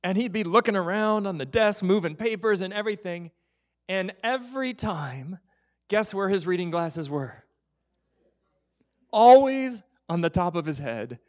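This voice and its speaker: A pastor preaches in a church, and his voice sits high for a man. He tells the story with plenty of drama, acting out the people in it. He drops to a whisper at the key moments. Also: lively intonation, a little slow. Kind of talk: sermon.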